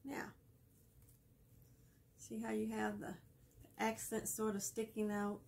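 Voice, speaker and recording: A woman's voice: mid-range voice, completely flat delivery, slow pace, creaky, a little mellow. A woman hosting a casual craft tutorial, chatty and laughing often as she explains each step while she works. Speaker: craft video host.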